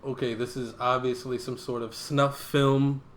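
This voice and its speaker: A man's voice: mid-range voice, flat delivery, unhurried, slight background noise. A young man hosting a casual podcast, teasing his guest, swearing freely, and reading a social post aloud in a mock-solemn voice. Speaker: podcast host.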